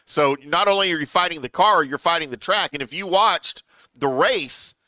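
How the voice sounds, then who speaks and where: A man co-hosting a sports talk show, explaining at length in an animated, storytelling way. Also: a little high, moderate pace, no echo. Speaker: co-host.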